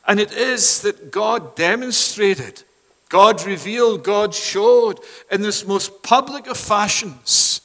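A man with a high, bright, ringing voice delivers a sermon from a church pulpit. He moves between forceful proclamation and hushed, almost whispered pleading. The sound trails off in the long reverb of a large hall. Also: lively intonation, slow pace. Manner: swings from loud proclamation to hushed near-whispers. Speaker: preacher.

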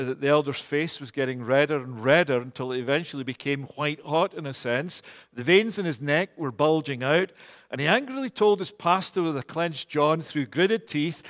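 A man preaching a sermon in a church, measured and earnest, often pausing on "eh". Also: fairly high pitch, a bit bright, in a large hall. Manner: measured and earnest, with frequent "eh" fillers. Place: church, also streamed online.

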